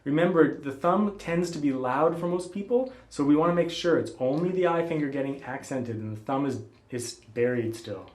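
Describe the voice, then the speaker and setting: A man giving a classical guitar lesson, explaining technique calmly and patiently and calling out finger letters. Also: a little high, moderate pace, hardly any pauses. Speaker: guitar teacher. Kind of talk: spoken instruction between playing. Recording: roomy sound with guitar playing.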